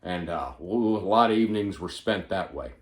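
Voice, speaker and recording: A male comedian doing an impression of a rambling, forgetful elderly male politician, stumbling over repeated words with sudden loud bursts. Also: low-pitched, lively intonation, brisk, reverberant. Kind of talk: stand-up impression monologue.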